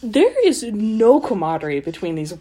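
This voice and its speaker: A woman's voice: medium pitch, sing-song, normal speed, dark tone, slightly rough. A woman co-hosting a podcast, reading a racy novel aloud and then mocking it with sarcastic commentary and frequent laughter.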